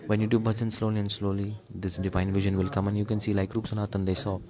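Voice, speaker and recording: An Indian-accented man translates a spiritual lecture, speaking fast in a low, even voice, rephrasing himself and posing rhetorical questions to the listeners. The dull lo-fi recording is muffled, with a crowd audible behind him.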